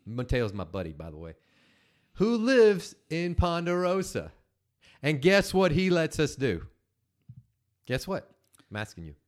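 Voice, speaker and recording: A man in his forties hosting a podcast, telling a story with teasing, animated banter. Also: on the high side, unhurried, long pauses. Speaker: main host.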